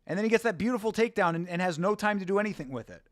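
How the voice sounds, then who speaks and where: A man's voice: sits high, animated, rapid-fire, no room sound, studio quality. A young American man hosting a casual fight watch-along, chatting with viewers and swearing casually. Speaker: livestream host.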